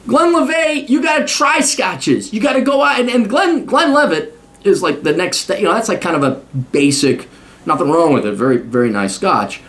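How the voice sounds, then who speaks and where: A man's voice: a little high, very animated, normal speed, a bit bright. A man in his forties giving a blunt, profane, opinionated casual monologue. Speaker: host.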